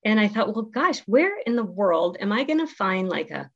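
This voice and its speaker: A woman's voice: mid-range voice, sing-song, slightly rough. Heartfelt middle-aged woman sharing her story. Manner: heartfelt, conversational, many ums and pauses. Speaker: speaker at a recovery group meeting. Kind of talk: personal testimony share. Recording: dull lo-fi recording.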